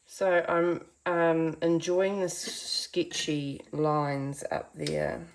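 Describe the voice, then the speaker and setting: A woman's voice: low-pitched, fairly even intonation, extremely slow. A woman giving a chatty, encouraging painting tutorial from her home art studio, talking to viewers as friends. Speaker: art teacher.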